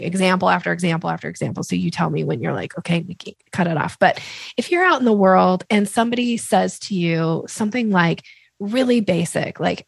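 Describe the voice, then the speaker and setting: A middle-aged woman, a sales expert guest, explaining with vivid examples and lively acted-out voices. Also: fairly low pitch, gravelly, no echo. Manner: lively, acts out quoted voices.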